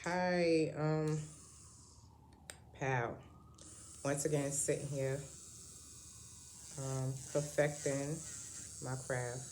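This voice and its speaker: A woman's voice: sits low, steady tone, very slow, long pauses, a little mellow, a little hiss or hum. A woman at home talking to her channel in a casual vlog, rambling and candid with lots of ums and restarts. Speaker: vlogger. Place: at home indoors.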